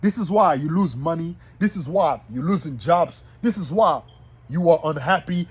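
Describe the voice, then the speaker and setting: Husky, lively-voiced man preaching. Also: high-pitched. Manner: emphatic, repetitive, addresses listeners directly. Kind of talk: informal sermon with scripture reading.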